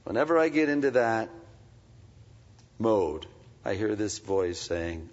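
A man preaching a sermon as a pastor, swinging between loud emphatic peaks and soft confiding asides. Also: lowish voice, big pitch swings, slow pace, pauses often. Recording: dull, muffled sound with long hall reverb.

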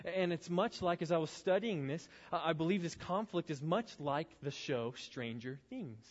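A man preaching a youth sermon to high schoolers, telling stories in a loose, conversational way with casual asides. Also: animated, moderate pace. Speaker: youth pastor. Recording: reverberant hall, dull lo-fi sound.

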